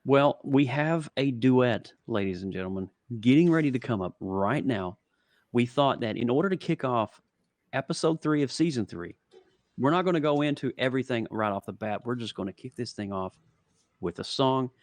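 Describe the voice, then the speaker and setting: Man, co-host, playful emcee announcer, animated pitch, dry sound. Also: a little fast, no room sound. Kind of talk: casual live-stream chat.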